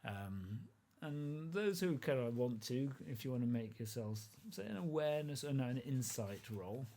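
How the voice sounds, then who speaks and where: A man narrating a tabletop role-playing game as game master, relaxed and rambling, with lots of fillers and restarts. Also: mid-range voice, normal speed.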